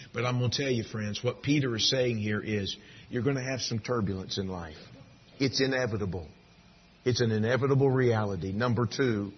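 A middle-aged man preaching a sermon, shifting from hushed, intimate lines to loud, emphatic bursts, with a husky voice. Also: medium pitch, muffled recording, a little hiss or hum. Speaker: pastor.

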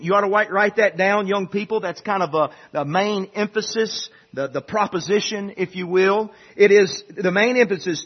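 A man's voice: sits high, normal speed, few pauses, husky, highs cut off. A man pastor preaching a sermon in a conversational way that rises to emphatic peaks.

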